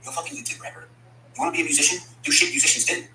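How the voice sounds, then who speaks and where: Combative man, profane rant straight to camera; quick, tense, slightly high voice in a roomy space. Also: big pitch swings, heavy background noise. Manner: blunt, cursing, combative. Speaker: country rapper addressing critics.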